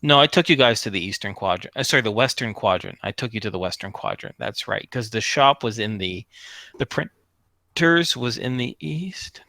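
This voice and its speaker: Bright, self-correcting male game master. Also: medium pitch, lively intonation, normal speed, dry recording. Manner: rambling, corrects himself mid-sentence. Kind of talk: running a tabletop game.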